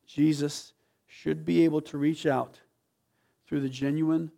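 A man preaching a sermon as pastor, telling a story with passion, swinging from loud to hushed. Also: on the high side, flat delivery, measured pace, gravelly. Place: church sanctuary.

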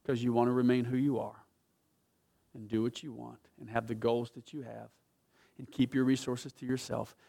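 A male pastor preaching a sermon in a church, swinging from quiet asides to loud, emphatic scripture reading. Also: medium pitch, flat delivery, normal speed, vocal fry.

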